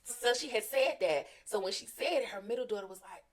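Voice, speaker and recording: A woman co-hosting a podcast in casual chat, telling a story with lively voices for each person in it. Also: mid-range voice, fast talker, creaky, few pauses. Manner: animated storyteller, acting out the people in her stories. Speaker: podcast co-host.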